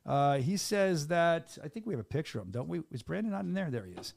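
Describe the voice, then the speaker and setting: A middle-aged man hosting a podcast, joking and animated in casual chat. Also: a little high, gravelly, no room sound, clean studio sound. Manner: animated, joking, fast-talking. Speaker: podcast host.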